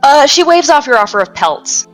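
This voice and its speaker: A woman's voice: high voice, big pitch swings, normal speed, faint music behind. A woman narrating a tabletop game as game master, chatty and loose, with many ums and restarts.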